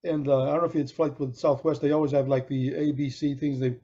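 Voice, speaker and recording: Mellow middle-aged man spinning a story. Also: medium pitch, fast talker. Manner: animated storyteller acting out quoted voices, with frequent restarts. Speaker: podcast co-host. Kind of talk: casual chat, storytelling. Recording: dull lo-fi podcast recording.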